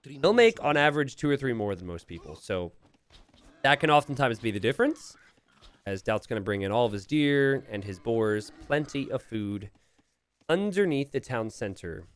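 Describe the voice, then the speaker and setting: A man's voice: mid-range voice, very animated, normal speed. A young man from Pennsylvania casting a strategy game on a live stream, rambling casually and chatting with viewers. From Pennsylvania, USA. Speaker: game caster.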